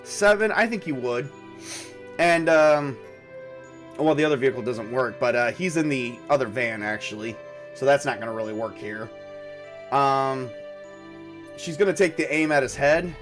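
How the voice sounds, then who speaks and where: A man narrating a solo tabletop game, rolling dice and thinking aloud in a halting way with many fillers. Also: mid-range voice, animated, fairly bright tone, faint music behind. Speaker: game master.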